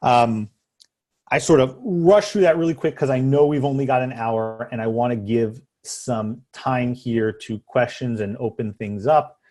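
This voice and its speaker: A man's voice: medium pitch, unhurried, warm tone. Man, attorney presenting webinar over video call, explanatory, lots of fillers. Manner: explanatory, many fillers and restarts.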